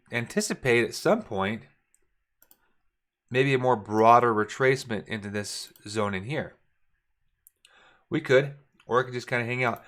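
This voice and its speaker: Man casually talking through trading charts. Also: medium pitch. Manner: relaxed, thinking aloud, self-correcting, addresses viewers directly. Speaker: forex trading coach. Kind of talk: casual screen-share chart walkthrough.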